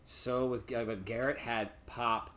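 A man's voice: mid-range voice, fairly even intonation, measured pace, fairly bright tone. Casual young guy, rambling and profane, easygoing conversational delivery. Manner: loose, profane, rambling storytelling. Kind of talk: casual chat.

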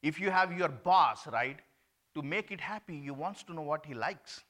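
A man from India, preaching an earnest sermon that swings between emphatic and hushed. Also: fairly high pitch, animated, normal speed.

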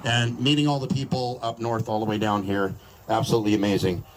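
A man's voice: fairly low pitch, flat delivery, fast talker, slight background noise, rough recording. A Canadian man giving a crude, joking, rousing speech at an outdoor rally. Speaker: rally speaker.

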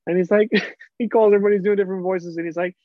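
Animated high-voiced man, dry lo-fi sound. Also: very fast, no echo. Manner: laughing, swearing, animated. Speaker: podcast guest. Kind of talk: casual chat.

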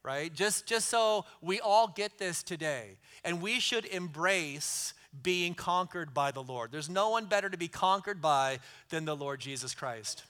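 A man's voice: a little high, expressive, measured pace, few pauses, bright, forceful tone, clear, resonant tone. A middle-aged man preaching a sermon in an earnest way, repeating key lines for emphasis. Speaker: pastor.

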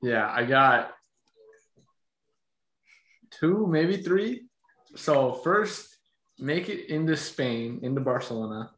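A young man with a mid-pitched voice tells his vacation stories in a relaxed, chatty way. His voice carries a noticeable room echo. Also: slow pace, pauses often. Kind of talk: casual storytelling chat. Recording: roomy echo.

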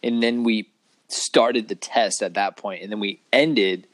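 A man's voice: fairly low pitch, steady tone, measured pace, no room sound. A man in casual chat who mostly listens and drops short reactions and interjections.

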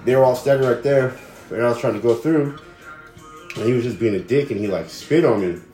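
A young man casually telling profane, animated stories to friends, quoting voices as he goes. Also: mid-range voice, a little fast, faint music behind. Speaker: storyteller among friends. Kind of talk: casual chat. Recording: roomy with crowd noise behind.

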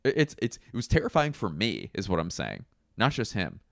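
A stand-up comedian from Philadelphia telling a rambling, casual anecdote full of fillers and self-corrections. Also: male voice, lowish voice, huge pitch swings, moderate pace, creaky, dry recording, studio quality.

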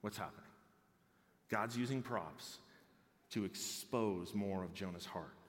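A male pastor preaching an expository sermon, swinging between loud exclamations and hushed, intimate tones. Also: fairly low pitch, slow. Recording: long hall reverb.

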